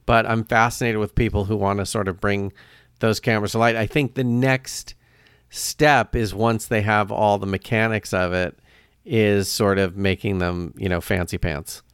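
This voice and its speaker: A man's voice: lowish voice, steady tone, moderate pace, clear, resonant tone, no echo, studio quality. A man co-hosting a podcast in casual chat, chatty and often trailing off mid-thought. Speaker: podcast co-host.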